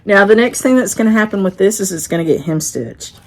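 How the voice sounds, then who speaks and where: A woman's voice: mid-range voice, expressive, brisk. A middle-aged woman with a Southern Appalachian accent, chatting to camera about her stitching in a rambling, homey way. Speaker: shop owner and stitching vlogger. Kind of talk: casual chat to camera.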